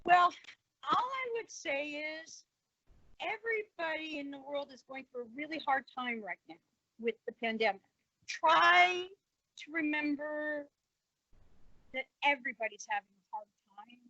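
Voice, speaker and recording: Animated woman in her sixties telling stories. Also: high-pitched, a little slow, dry recording, muffled recording. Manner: animated, acts out voices in anecdotes. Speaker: guest, former wrestler and actress. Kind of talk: casual interview storytelling.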